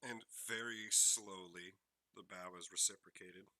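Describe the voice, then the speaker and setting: Bright-voiced man narrating as game master. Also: deep voice, steady tone. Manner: slow, measured scene-setting narration.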